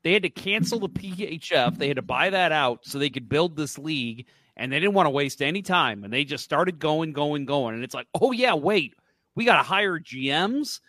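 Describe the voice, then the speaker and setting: A man's voice: fairly high pitch, animated, a little fast, few pauses, bright, forceful tone, no room sound. A man co-hosting a casual hockey podcast, talking bluntly and swearing freely, exasperated with the league. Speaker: podcast co-host.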